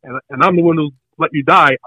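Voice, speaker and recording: Fast-talking older man telling a story. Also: a little high, breathy edge, dry recording, low-quality recording. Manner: animated, acts out the other people in his story. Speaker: podcast co-host telling a story. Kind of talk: casual storytelling.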